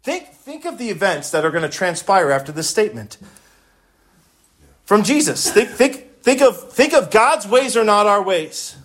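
Man, preacher, sermon, high voice, emphatic, repeats words, impassioned. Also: sing-song, normal speed. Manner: emphatic, repeats words, rises to shouts and cries on scripture. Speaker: pastor.

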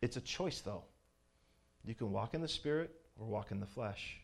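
A man preaching an informal sermon in a conversational way, asking his listeners questions and building to loud, fervent exhortation. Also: fairly low pitch, lively intonation, moderate pace, gravelly.

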